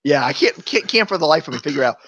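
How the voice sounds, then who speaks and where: A man's voice: fairly high pitch, animated, fast talker, a bit bright, slightly rough. A man chatting casually on a live show, telling long rambling stories and chuckling often.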